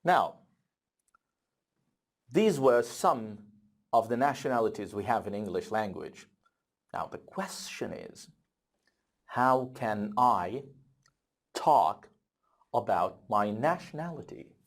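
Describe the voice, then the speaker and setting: A man from Egypt teaching a beginner English lesson, saying each word slowly and clearly for learners to repeat. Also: fairly low pitch, sing-song. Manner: deliberate, repeating words for learners. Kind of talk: slow drilled language lesson.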